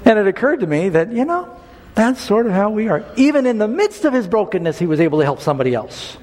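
Preacher, man, slightly high voice, storytelling sermon, long hall echo, faint room noise. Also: fast talker. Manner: storytelling, animated, rising to emphatic preaching.

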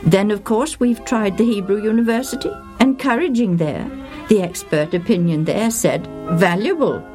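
A woman's voice: mid-range voice, moderate pace, over music, lightly acted. A woman reading aloud, voicing an indignant elderly male bishop who exclaims and questions in disbelief.

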